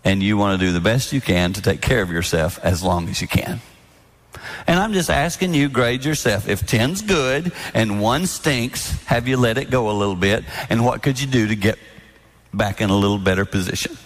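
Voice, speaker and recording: A man in his sixties giving a sermon-style talk on marriage, animated and storytelling, acting out other people's lines. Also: on the low side, normal speed. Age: 60s. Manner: animated storytelling with mimicked voices. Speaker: speaker at a marriage event. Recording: long hall reverb.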